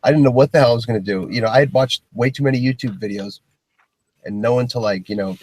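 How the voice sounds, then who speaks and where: A man's voice: medium pitch, fast, slightly rough, no echo. Brief: male caller, casual storyteller, swears, plays both sides of a dialogue, dry mic. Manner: animated, acts out both sides of the exchange, swears. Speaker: caller recounting a police stop.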